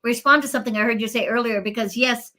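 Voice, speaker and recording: A woman's voice: on the high side, fast talker, bright, forceful tone. A woman guest on a talk show, chiming in with short supportive remarks. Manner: brief interjections, supportive. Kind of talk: interview guest.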